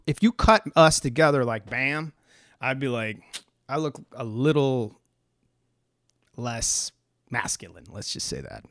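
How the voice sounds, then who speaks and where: A man's voice: medium pitch, dry recording, studio quality. An American man rambling through news in a casual, profane, joking way, full of fillers and restarts. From United States.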